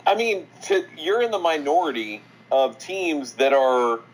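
A man's voice: fairly high pitch, very animated, unhurried, slightly rough, low-quality recording. A man co-hosting a casual sports podcast, often laughing and tossing in sarcastic asides. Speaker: podcast co-host.

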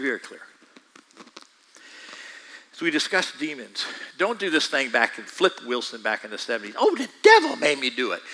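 Bright, animated male preacher. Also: on the high side, low-quality recording. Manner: addresses listeners directly with quick asides. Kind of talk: sermon.

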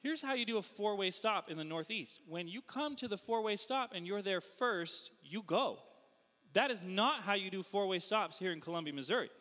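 A man from the Northeastern US preaching a sermon as a pastor, telling stories with animated, self-deprecating humor in a church sanctuary. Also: high voice, moderate pace, long reverb tail. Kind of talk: storytelling sermon.

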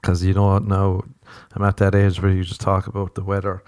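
A man's voice: deep voice, completely flat delivery, fairly quick, a little mellow, no room sound. An Irish man in his thirties hosting a podcast, rambling through a sweary, self-mocking comic monologue. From Ireland. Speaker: podcast host. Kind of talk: casual comedic monologue.

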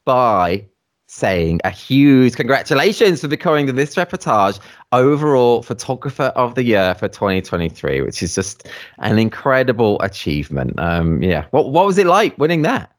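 This podcast host keeps the interview chat casual and full of eager, effusive energy as he talks with his guest. His medium-pitched voice has a sing-song lilt and a moderate pace.

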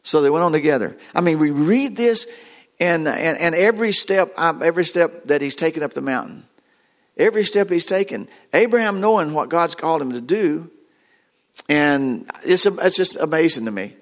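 A middle-aged man preaching a sermon, telling a story in a halting, earnest way with many repeated words. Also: a little high, animated.

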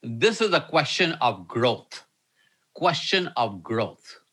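A man preaching to an online audience, repeating key lines slowly and emphatically. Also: mid-range voice, big pitch swings, pushed and bright, slightly rough. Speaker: pastor. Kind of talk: sermon with live Q&A.

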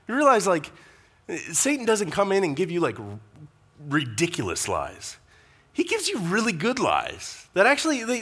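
A man's voice: medium pitch, a bit bright. A man preaching a conversational sermon, with asides to the congregation. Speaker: pastor.

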